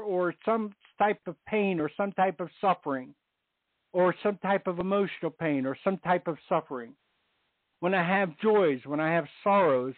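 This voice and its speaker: A man's voice: high voice, no echo. A middle-aged man on a Catholic radio show, sharing his story and teaching on faith in an earnest way, repeating phrases for emphasis. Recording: tinny phone line.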